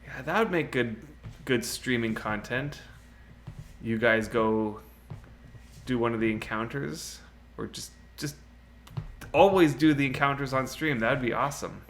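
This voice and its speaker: A man's voice: medium pitch, measured pace, a bit bright. A man chatting casually on a game live stream, rambling, laughing often and answering viewers' chat. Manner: laughs often, with many fillers like "you know".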